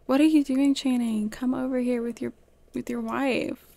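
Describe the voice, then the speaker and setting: A woman giving chatty, excitable commentary over a life-simulation game as she plays, often gasping and laughing. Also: sits high, moderate pace, creaky. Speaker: game streamer. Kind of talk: casual gameplay commentary.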